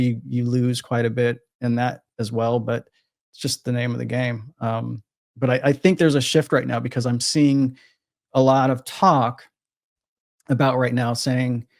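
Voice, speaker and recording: A man's voice: mid-range voice, darkish tone, dry recording, clean studio sound. A man talking casually about crypto trading, rambling with frequent restarts and self-corrections. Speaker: crypto trader guest. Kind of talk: casual podcast chat.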